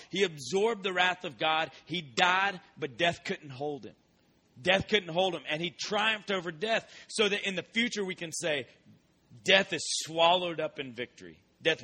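Animated preacher, bright voice. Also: male voice, fairly high pitch, breathy edge. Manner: animated storytelling, acts out voices. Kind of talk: sermon.

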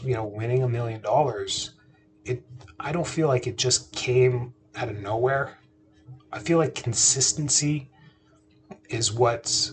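This man in his thirties hosts a podcast and shares a personal family story at a measured pace in a medium-pitched voice. His delivery is casual and chatty, full of restarted sentences and rhetorical questions aimed at listeners.

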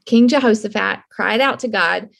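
A woman's voice: medium pitch, normal speed, creaky, a bit bright. Earnest woman hosting a devotional podcast. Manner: earnest, emotional, reflective. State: voice a little shaky, near tears. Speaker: podcast host.

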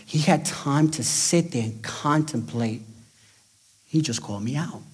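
A man's voice: measured pace, husky. A middle-aged man preaching a sermon with emphatic delivery, sometimes dropping to near-whispers for effect and acting out the voices he quotes. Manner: acts out quoted voices in a raised, excited pitch. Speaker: pastor.

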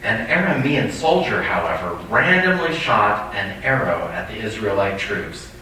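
A male pastor reads scripture in a bright, forceful voice, stopping now and then for asides to the congregation. He sounds distant from the mic, and his words ring through a very echoey church hall with faint background noise. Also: on the low side, expressive, moderate pace. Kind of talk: sermon reading scripture with commentary.

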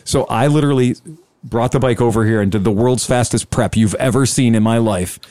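A man recounts a sales deal in a relaxed, chatty way. He slips into the voices of the people in the story as he tells it. His voice sits at a middle pitch, recorded dry and close with no room sound. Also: fairly quick, no room sound. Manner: animated, acts out both sides of conversations. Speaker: scooter dealer telling a story. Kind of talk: casual storytelling on a podcast.

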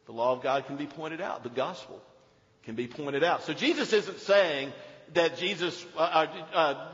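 Male pastor, animated preacher, loud to hushed, a bit high-pitched, muffled recording with long church reverb. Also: moderate pace. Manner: animated, swings from loud emphasis to hushed storytelling. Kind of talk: sermon. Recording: dull sound in a reverberant hall.

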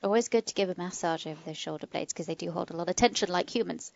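A woman's voice: fairly low pitch, quick pace, gravelly, no echo, highs cut off. A woman from England with an English accent touched by American sounds, co-hosting a casual chat and laughing often. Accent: English with a slight American tinge. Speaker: co-host.

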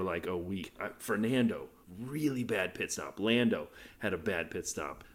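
Low-voiced guy chatting through a race recap, laid back, hopping between moments. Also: normal speed, hardly any pauses. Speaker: podcast co-host. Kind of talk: casual race recap chat.

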